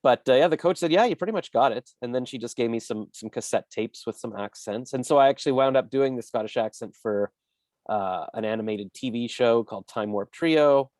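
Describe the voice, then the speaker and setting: A male podcast host at a middling pitch for a man, chatting loosely and jokily. He often restarts his sentences. The recording is dry and close, with no room echo. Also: a little fast, darkish tone. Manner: rambling, self-correcting, jokey. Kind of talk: casual interview chat.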